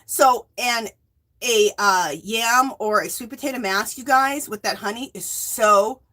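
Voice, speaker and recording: A woman's voice: on the high side, a little slow, sharp tone. A woman in her fifties from the US West Coast, chatting casually on her livestream, greeting viewers by name and rambling off into asides. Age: 50s. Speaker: livestream host.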